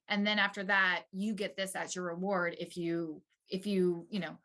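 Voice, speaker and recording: A woman's voice: lowish voice, little pitch movement, normal speed, pushed and bright. A young woman, a mother, talking openly and hesitantly with restarts in a therapy session. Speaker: client mother.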